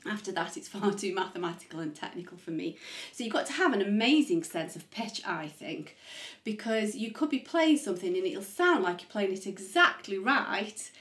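A woman's voice: mid-range voice, animated, normal speed, fairly bright tone. Chatty woman teaching music, echoey room. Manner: chatty and enthusiastic, easily sidetracked. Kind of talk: casual educational vlog.

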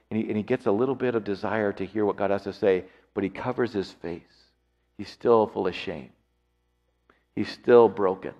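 A man preaching a sermon as pastor. He drops to hushed tones and rises to loud, excited storytelling, often repeating words as he builds a point. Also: on the low side. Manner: swings from hushed, near-whispered lines to loud, excited storytelling. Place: church sanctuary. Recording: long hall reverb, dull lo-fi sound.

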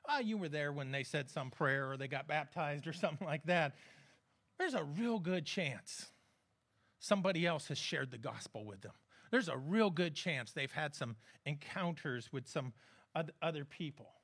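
A pastor delivers a relaxed, conversational sermon, his voice sitting high for a man. He keeps checking in with the congregation and slips in light jokes as he preaches. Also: normal speed. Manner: conversational, humorous preaching with frequent audience check-ins.

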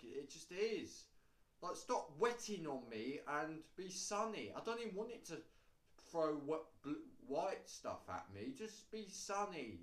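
A man rambling sarcastically to camera, swearing freely in a casual monologue. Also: mid-range voice. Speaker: vlogger. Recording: roomy echo.

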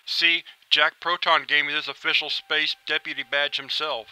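A man's voice: fairly high pitch, level tone, moderate pace, bright, forceful tone, clean tone, low-quality recording. A man voicing an eager, polite teenage boy who thinks he is a space cop, full of gee-whiz exclamations.

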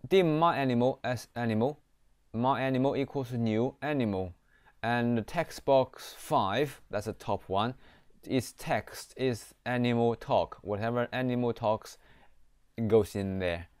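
A man giving a screen-recorded programming lesson, reading code aloud and often pausing on "okay". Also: mid-range voice, a little mellow, clean tone, no echo, clean studio sound. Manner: slow, repeats "okay", reads code aloud. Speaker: programming teacher. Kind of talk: screen-recorded coding tutorial.

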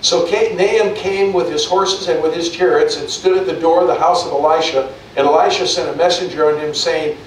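A man's voice: on the high side, fairly even intonation, fairly quick, few pauses, very echoey, distant mic, a little hiss or hum, low-quality recording. A male pastor preaching a sermon in a conversational way, often restarting and repeating words.

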